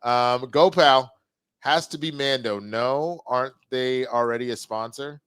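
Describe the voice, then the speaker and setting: A man hosts a live stream in a relaxed, chatty way, his sentences trailing off and starting over. His voice is smooth and resonant. The sound is dry and close. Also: mid-range voice, a little slow, no echo. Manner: loose, chatty, trails off and restarts. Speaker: show host. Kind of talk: casual live-stream chat.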